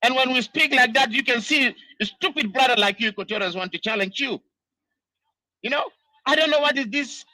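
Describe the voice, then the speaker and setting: Speaking fairly quickly, a man from South Sudan who comments on politics from the diaspora launches into an angry monologue. His very high, piercing, bright voice keeps returning to "you know" as he scolds, with completely dry audio.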